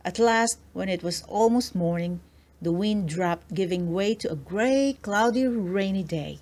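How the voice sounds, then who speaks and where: A woman narrating a children's storybook aloud, slow and expressive. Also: on the low side. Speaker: storybook reader.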